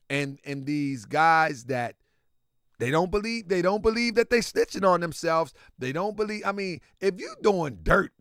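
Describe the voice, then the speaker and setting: Lively gravelly-voiced man hosting a stream. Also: fairly high pitch, no echo, studio quality. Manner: animated, repetitive, talks to his chat. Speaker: livestream host. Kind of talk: casual livestream commentary.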